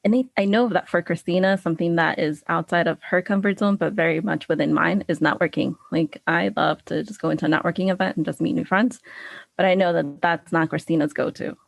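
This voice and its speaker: A woman's voice: lowish voice, fairly even intonation, a little fast, creaky, dry recording. A woman who is a life coach, chatting as a podcast guest in an upbeat way. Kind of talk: casual interview chat.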